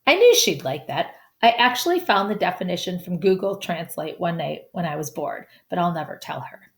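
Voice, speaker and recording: A woman's voice: on the low side, expressive, normal speed. A woman reading a first-person story aloud who stumbles over hard names, apologizes and makes asides. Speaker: audiobook reader.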